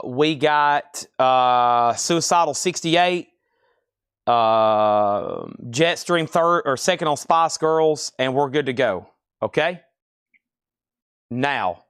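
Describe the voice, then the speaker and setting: Loud live-auction host, man. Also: fairly high pitch, clean tone, dry recording, studio quality. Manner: rapid-fire calling of bids and prices. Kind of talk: live-stream record auction.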